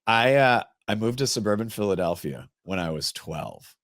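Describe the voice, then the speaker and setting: A man's voice: lowish voice, lively intonation, moderate pace, a bit bright, no room sound, studio quality. A man with a Minnesota accent hosting a podcast interview, chatty and joking, laughing at his own stories. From Minnesota, USA. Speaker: podcast host. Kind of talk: casual interview chat.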